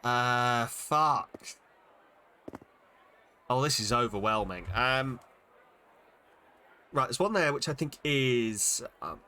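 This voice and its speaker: A man's voice: mid-range voice, pushed and bright. A man streaming a game, chatting casually and thinking aloud as he sounds out Japanese words, with many fillers. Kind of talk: casual live-stream chat while reading Japanese.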